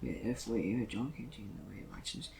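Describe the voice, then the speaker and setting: A man reading scripture aloud in a plain, steady way, with occasional stumbles and self-corrections. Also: on the low side, fast, creaky, roomy sound, slight background noise, low-quality recording. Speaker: Bible reader.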